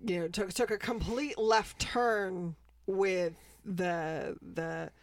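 A woman's voice: lowish voice, steady tone, slow, no room sound. A woman co-hosting a podcast, chatting in an easygoing, conversational way. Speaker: podcast co-host. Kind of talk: casual chat.

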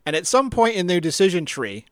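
A man's voice: sits high, a little fast, no echo, studio quality. A man co-hosting a podcast in casual chat, telling stories with lots of laughter and acting out quotes. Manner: animated storyteller, acts out quotes, laughs often. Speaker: podcast co-host.

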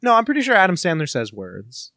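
A man's voice: high-pitched, wildly swooping pitch, quick pace, a crowd in the background. A man co-hosting a comedy podcast with his sister, joking around and slipping into theatrical mock-drama. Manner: jokey, theatrical, drops into mock-dramatic voices. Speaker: podcast co-host. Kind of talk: casual comedic chat.

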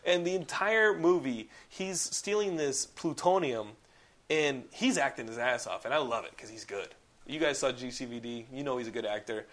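A young man hosts a podcast in loose, casual chat. He talks excitably and keeps dropping "like" into his sentences. His speech is peppered with swearing, and his voice sits at an ordinary middle pitch. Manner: excitable, profane, heavy use of "like". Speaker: podcast host.

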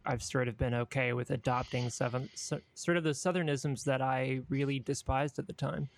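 A man from Utah co-hosting a podcast in casual chat, relaxed and reflective, halting with fillers. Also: medium pitch. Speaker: podcast co-host.

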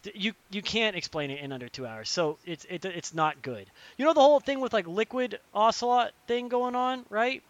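A young man in casual podcast chat, ranting animatedly and swearing, acting out characters in quick impressions. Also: high-pitched, expressive, dull audio.

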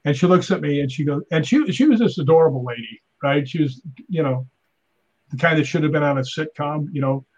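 A middle-aged man, a stuntman and paranormal investigator, telling animated stories in casual chat and acting out voices. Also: on the high side, a little fast, lo-fi sound.

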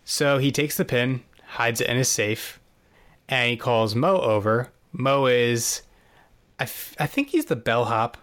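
Man, podcast co-host, casual episode recap, dry sarcastic humor, lots of fillers, mid-pitched voice. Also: unhurried, fairly bright tone.

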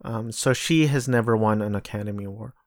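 A male host chats casually and bluntly, thinking out loud as he runs through a list of nominees, offhand and swearing along the way. His voice is fairly low and a little fast. It's a studio-quality recording with no room sound.

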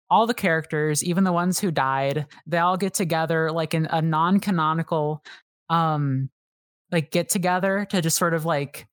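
A woman's voice: low voice, no echo, clean studio sound. A woman guest on a podcast, talking casually and eagerly, rambling with many fillers and restarts. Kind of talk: casual chat.

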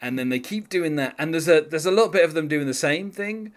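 A man's voice: fairly high pitch, fairly quick. A man talking casually as a podcast co-host, rambling with lots of fillers and restarts and laughing now and then. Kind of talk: casual chat.

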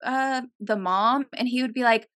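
A young woman co-hosting a podcast, telling a casual story and acting out quotes with big jumps in pitch. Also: moderate pace, fairly bright tone, no room sound. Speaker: podcast co-host.

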